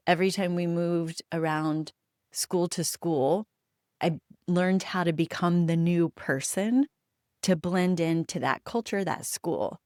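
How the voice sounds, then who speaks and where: A woman's voice: on the low side, a little mellow, no room sound, clean studio sound. A woman from the United States hosting a solo podcast, telling personal stories in a candid, emphatic way and swearing freely. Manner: reflective storytelling with frequent pauses. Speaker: podcast host.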